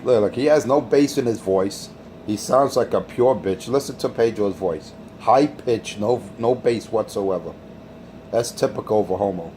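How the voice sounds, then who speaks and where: A man's voice: on the low side, normal speed, background noise. A man hosting a crude, taunting radio rant. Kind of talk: insult-heavy radio rant.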